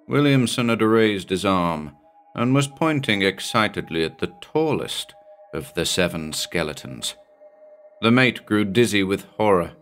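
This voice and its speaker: A man narrating a pulp horror story as an audiobook, in a measured, dramatic storytelling manner. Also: low voice, fairly bright tone.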